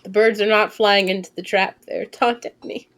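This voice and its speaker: Live-streaming her game, a twenty-something woman keeps up a running commentary, musing aloud, squealing with sudden excitement and swearing casually. She talks at medium pitch and a moderate speed.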